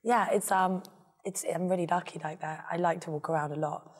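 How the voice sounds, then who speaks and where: Husky young woman, low voice, rambly interview chat with loads of "kind of". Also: steady tone, brisk, long reverb tail. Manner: rambling, filler-heavy, self-deprecating. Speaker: interview guest.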